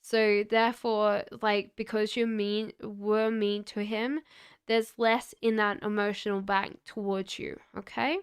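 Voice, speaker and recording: A woman giving tarot readings on a live stream, talking gently and reassuringly with frequent fillers. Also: medium pitch, little pitch movement, measured pace, clear, resonant tone. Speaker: tarot reader.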